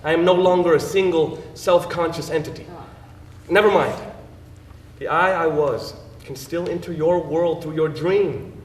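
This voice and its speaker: A gentle, playful husband's spirit visiting in a dream, coaxing and wistful, as an actor plays him. His voice sits fairly high for a man. It rings out roomy and distant from a far stage mic. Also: measured pace, a little hiss or hum, natural voice. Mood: soothing. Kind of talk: live stage drama. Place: theater stage.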